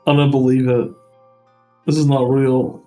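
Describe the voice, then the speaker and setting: A man's voice: medium pitch, flat delivery, a little slow, mellow, soft background music. A man bantering and teasing his friends on a casual stream. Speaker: co-player on stream.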